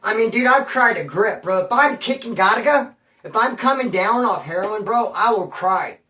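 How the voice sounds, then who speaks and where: A man telling a story in a rambling, slangy, animated way, recorded in a room at his home. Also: sits high, normal speed. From Bakersfield area. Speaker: storyteller on his own channel. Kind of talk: casual storytelling. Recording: roomy, mic at a distance.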